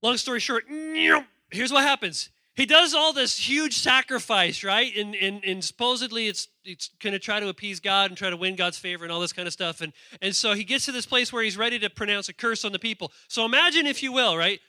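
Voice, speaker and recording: A man preaching a sermon, an animated, joking storyteller. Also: sits high, a little fast, hardly any pauses, no room sound, clean studio sound. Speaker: pastor.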